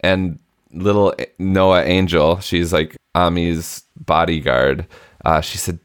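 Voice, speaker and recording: A man's voice: deep voice, fairly even intonation, a little slow, smooth, no room sound, clean studio sound. A man in his thirties co-hosting a parenting podcast, telling a story with many restarts and self-deprecating remarks. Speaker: podcast co-host. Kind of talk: casual parenting chat.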